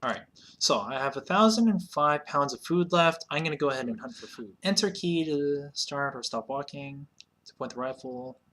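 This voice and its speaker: A man casually commenting on his play of an old computer game, chatty, with sudden excited shouts. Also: medium pitch, moderate pace. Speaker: let's play host.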